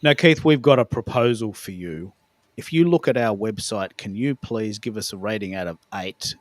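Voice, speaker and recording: Low, measured Scottish-tinged gentleman reading a letter slowly, a man's imitation. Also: no echo, natural voice. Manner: slow, measured, low tune.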